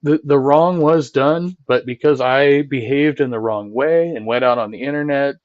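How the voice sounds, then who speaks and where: Man, live-stream host, casual rambling commentary, swears, middling pitch, dry slightly dull audio. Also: moderate pace, no room sound. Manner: rambling and conversational, tags lines with "right?", swears, laughs.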